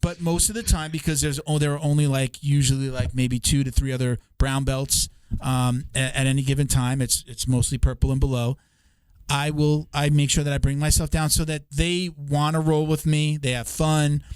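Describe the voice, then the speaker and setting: A middle-aged man hosts a casual podcast, rambling, joking, and wandering off on tangents. His voice sits on the high side, flat and a little mellow, smooth, at a moderate pace, with no echo.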